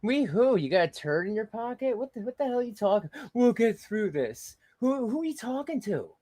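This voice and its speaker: A man's voice: extremely high pitch, animated, quick pace, a little mellow, dry recording. A man hosting a reaction commentary channel, ranting at a streamer with sarcastic, scornful, mocking remarks.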